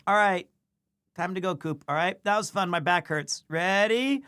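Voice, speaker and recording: A man's voice: sits high, normal speed, bright, forceful tone, clear, resonant tone. A man streaming live, chatting casually as he tells a rambling story and breaks off to coo at his cat. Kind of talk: casual livestream chat.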